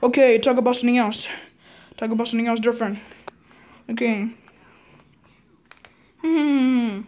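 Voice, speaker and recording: A woman's voice: a little high, fairly even intonation, normal speed, a little mellow. A woman rambling playfully into a phone or laptop mic while trying out a camera app, often repeating herself and saying okay.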